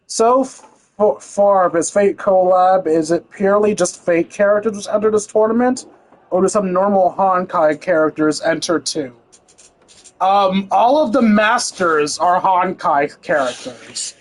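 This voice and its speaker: A man's voice: high-pitched, a little slow, rough recording. A man streaming a video game, chatting casually and explaining the story to viewers.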